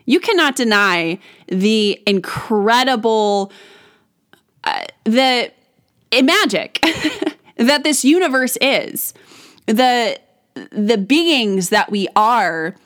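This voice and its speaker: A woman's voice: a little high, lively intonation, drawn-out words, pauses often, fairly bright tone. A woman hosting a podcast in a casual solo monologue, rambling with many restarts and frequent laughs. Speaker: podcast host.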